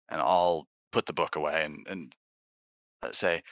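A man playing a tabletop game who describes his moves hesitantly. His voice is very deep and slow, with a bright edge. The mic sounds dull and dry. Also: no room sound. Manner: hesitant, thinking aloud. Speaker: player. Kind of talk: tabletop role-play.

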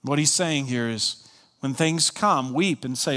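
A man's voice: mid-range voice, a little slow. Emphatic preacher man in a reverberant church. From Colorado. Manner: emphatic preaching, swings from hushed to soaring. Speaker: pastor. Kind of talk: sermon.

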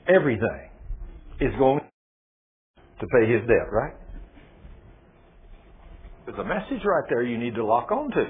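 A man's voice: mid-range voice, very animated, unhurried, pauses often, husky. A man preaching a sermon, firing rhetorical questions at his listeners and retelling scripture with quoted dialogue. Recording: tinny phone-like radio broadcast.

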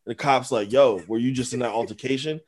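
A man with a mid-pitched voice co-hosts a casual podcast chat. He tells stories with animated energy, acting out the voices of the people in them and laughing often. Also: quick pace. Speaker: podcast co-host. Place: informal podcast studio.

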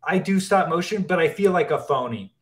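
A man speaking a little above the usual male pitch, guesting in a relaxed interview. He talks with open enthusiasm, stumbling over repeats and restarts as the ideas tumble out. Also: a little fast. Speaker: animation guest. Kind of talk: casual interview talk.

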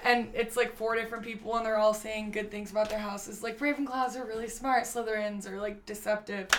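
A woman's voice: medium pitch, flat delivery, brisk, a little hiss or hum. A young woman in casual chat, talkative and giggly, swearing now and then.

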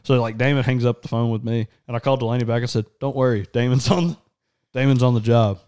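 A man's voice: medium pitch, fairly even intonation, fast, darkish tone, clear, resonant tone. A man hosting a podcast, recounting a story in a chatty way, laughing often. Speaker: podcast host. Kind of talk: casual chat.

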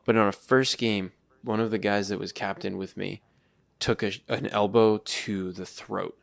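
A young male podcast co-host talking in a low, gravelly voice. He tells animated stories and jumps into higher voices when he quotes people. The sound is close and dry. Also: measured pace, dry recording. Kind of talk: casual chat.

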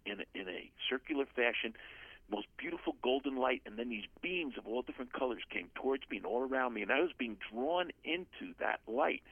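A man's voice: medium pitch, slightly rough, dry recording. An older man from the USA, a guest author telling his personal testimony in an earnest, storytelling way. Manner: earnest storyteller, acts out quoted voices. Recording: phone-line audio.

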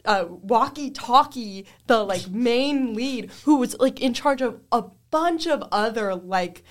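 A woman's voice: on the high side, lively intonation, slow pace. Young woman telling a story, filler-heavy. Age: young adult. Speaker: panelist recalling first jobs. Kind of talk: casual chat.

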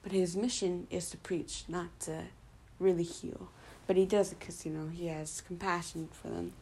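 A woman with a slightly low, mellow voice walks through a Bible passage in a relaxed, informal way. She talks loosely and stops to correct herself. She fills pauses as she thinks aloud. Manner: loose and conversational, with fillers and self-corrections. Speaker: Bible study presenter. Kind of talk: casual retelling of scripture.

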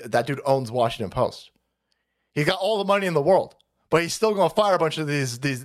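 A man hosting a livestream, ranting crudely and mockingly about the news and reading chat messages aloud. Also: on the high side. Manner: crude, mocking, puts on voices for quotes. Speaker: livestream host. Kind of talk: profane political rant stream.

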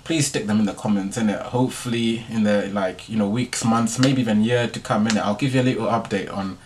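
Young man, podcast host, casual story monologue, slangy tag questions, lowish voice. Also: fairly even intonation, a little fast, a little mellow, a little hiss or hum. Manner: laid-back slangy delivery, tag questions.

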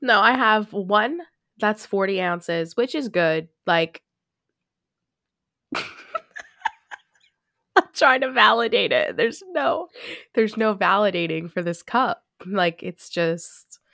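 A woman's voice: medium pitch, lively intonation, slow pace, vocal fry, long pauses, bright, forceful tone, dry recording, studio quality. A young woman hosting a podcast alone, chatting in a rambling way with lots of "like" and frequent laughs. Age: young adult. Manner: rambling, laughs often, heavy use of "like". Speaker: podcast host. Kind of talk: casual solo chat.

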